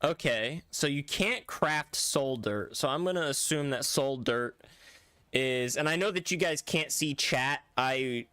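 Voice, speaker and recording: A man's voice: medium pitch, a little slow, pushed and bright, smooth, dry recording. Rambling young-sounding male streamer, dry mic. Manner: rambling, self-correcting, talks back to chat. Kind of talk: casual live-stream chat while gaming.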